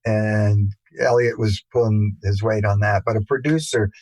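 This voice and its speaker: An older man, a musician guest, telling rambling anecdotes in a relaxed interview, with many fillers and restarts. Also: fairly low pitch, normal speed, no room sound, poor audio. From England.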